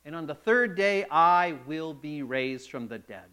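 A calm, solemn Jesus who speaks slowly and sinks low when he asks his followers a searching question. A male preacher puts him on inside a sermon retelling, with a high, lively voice.

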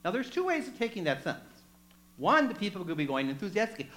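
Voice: medium pitch, sing-song, quick pace, a bit bright, low-quality recording. A preacher giving a sermon, retelling a story with chatty asides to the congregation and acting out the voices in it. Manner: acts out quoted voices.

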